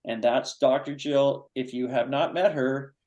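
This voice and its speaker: A man hosting a foundation's live video-call show, chatting enthusiastically in a rambling way with many pauses. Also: medium pitch, steady tone, a little mellow, highs cut off. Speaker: foundation vice president and host. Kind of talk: casual Zoom talk show chat.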